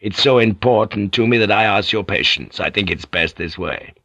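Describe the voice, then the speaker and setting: A man voicing a very deep, commanding warlord. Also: fairly bright tone, dry recording. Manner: measured, cunning, authoritative. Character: shrewd, commanding male feudal warlord.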